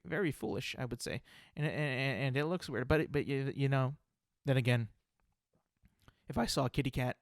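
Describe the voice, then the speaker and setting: A young man with a medium-pitched voice hosts a solo comedy podcast, recorded with clean studio sound and no echo. He rambles, leans heavily on fillers, and jokes at his own expense.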